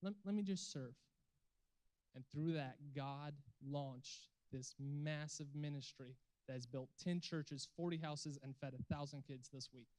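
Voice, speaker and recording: A man's voice: a little high, measured pace, a little mellow, rough recording. A young adult man giving an earnest, emphatic sermon to a youth group, ending with a call to pray and commit. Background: instrumental music.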